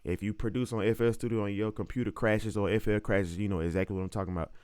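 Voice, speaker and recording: A man's voice: lowish voice, fairly even intonation, fast talker. A young man from Alabama with a Southern accent, chatting casually to viewers as he walks through making a beat. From Montgomery, Alabama. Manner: laid-back, chatty, addresses viewers as y'all. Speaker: beat producer. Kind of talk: casual tutorial talk-through. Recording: music playing loudly behind the voice.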